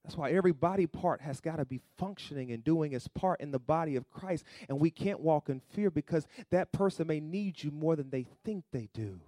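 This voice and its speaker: A man preaching a sermon, asking the congregation for amens, swinging between loud emphatic peaks and low asides. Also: animated, a little fast, few pauses, no echo, studio quality. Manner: call-and-response preaching, rising to loud emphatic peaks then dropping low; acts out quoted voices in asides. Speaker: pastor.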